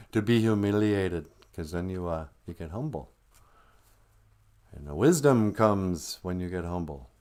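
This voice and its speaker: A man's voice: sits low, a little mellow. A man hosting a livestream, talking in a casual, rambling monologue and joking and laughing often. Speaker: livestream host.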